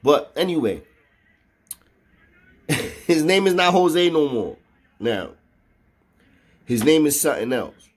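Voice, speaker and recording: A man's voice: a little high, lively intonation, takes it slowly, pauses often. Slangy New man telling a story. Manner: slangy and profane, with frequent "know what I mean". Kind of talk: casual storytelling.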